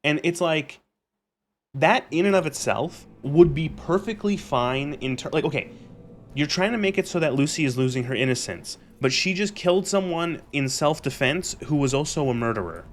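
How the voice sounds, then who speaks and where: A young man streamer recapping a show in a casual, exasperated rant, animated and swearing freely. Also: fairly high pitch, normal speed.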